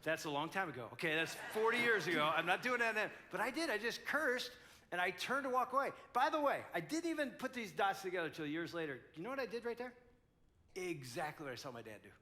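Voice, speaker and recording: An older man in his sixties gives a conference talk, spinning an animated, self-deprecating story. His voice sits high for a man and rings bright and forward. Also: fast talker. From United States. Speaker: conference speaker. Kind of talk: storytelling talk to a live audience.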